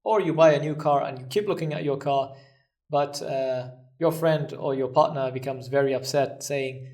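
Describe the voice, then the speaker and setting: Guy giving a language lesson, repeats stuff slow and patient, mic kinda far away. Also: medium pitch, a little mellow. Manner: patient, repeats each phrase slowly then translates. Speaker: language teacher.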